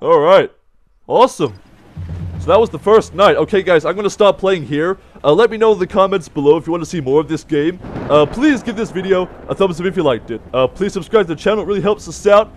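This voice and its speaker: High-voiced jumpy gaming commentator man. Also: fast, slight background noise. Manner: jumpy, easily startled, giggly. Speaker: let's play host. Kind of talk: gameplay commentary.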